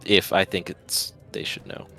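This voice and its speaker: A man's voice: a little slow, pushed and bright, faint music behind. A man playing a tabletop role-playing game, talking in a casual, hesitant way. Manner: hesitant, with many fillers and restarts. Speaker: player.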